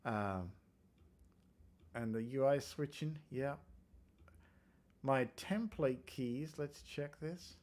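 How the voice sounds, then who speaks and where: An English developer hosts a laid-back live coding stream, joking about his own code and reading out viewer comments in a chatty, self-deprecating way. His medium-pitched voice is expressive and darkish, with drawn-out words and frequent pauses.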